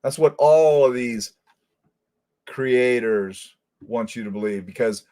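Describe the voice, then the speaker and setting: A man's voice: mid-range voice, slow pace, warm tone. Angry man ranting as show host. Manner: heated, profane ranting. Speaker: host, former detective. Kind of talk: angry commentary.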